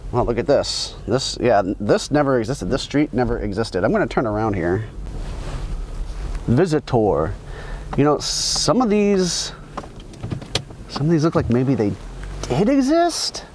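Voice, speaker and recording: A man's voice: mid-range voice, a little mellow, slight background noise. A man telling childhood stories in a casual vlog, rambling and profane, correcting himself as he goes, first outdoors and then in his car. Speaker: vlogger.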